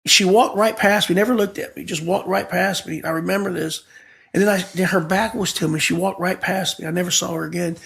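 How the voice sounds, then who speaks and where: A man's voice: high-pitched, steady tone, a little fast, creaky, fairly bright tone. A pastor, a man, telling his life story with feeling and acting out the dialogue as he goes. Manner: vivid storyteller who acts out the dialogue. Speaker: guest pastor. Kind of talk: emotional personal storytelling.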